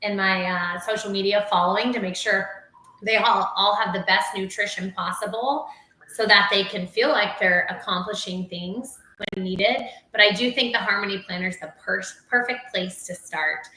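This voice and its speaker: Bright, chatty woman in a roomy echo. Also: mid-range voice, normal speed. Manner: chatty, rambling with fillers. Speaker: holistic doctor guest. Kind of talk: casual live-stream chat.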